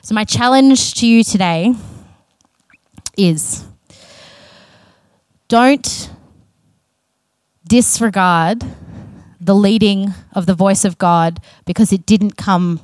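A woman's voice: mid-range voice, slow pace, long pauses, a little mellow, no room sound. A woman preaching a sermon in an earnest, conversational way, with casual self-aware asides.

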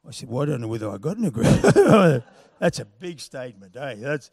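A man preaching a sermon, moving from loud, punchy calls to quiet, chuckling storytelling. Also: medium pitch, expressive, fairly quick, no echo, studio quality.

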